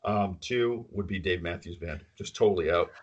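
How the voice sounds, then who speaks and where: A man's voice: sits low, moderate pace, highs cut off. A man co-hosting a podcast in casual chat, rambling and opinionated, laughing often. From central New York. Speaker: podcast co-host.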